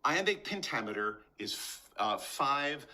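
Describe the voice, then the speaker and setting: An older man teaches acting from his garage, his voice bright and forward. He talks with energy and taps out rhythms while bouncing a ball. He sometimes steps back from the camera mic, so his voice sounds farther away. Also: mid-range voice, very animated, unhurried. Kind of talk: instructional talk to camera. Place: garage with concrete floor.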